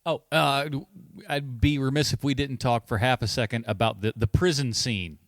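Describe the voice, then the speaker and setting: A man's voice: medium pitch, moderate pace, a bit bright, no room sound. A man hosting a movie podcast, chatting casually and leading segments in an upbeat, giggly way on a close mic. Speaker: podcast host. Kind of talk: casual chat.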